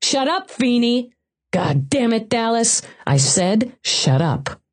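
A woman's voice: medium pitch, lively intonation, takes it slowly, darkish tone, slightly rough. A narrator voicing a clipped, tough woman cop. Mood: firm. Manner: clipped, firm.

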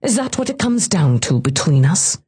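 A man's voice: a little high, very animated, moderate pace, darkish tone, husky, full character voice. A woman voicing a proud, wounded Irish man in an audiobook with an Irish accent, with a bitter, demanding manner.

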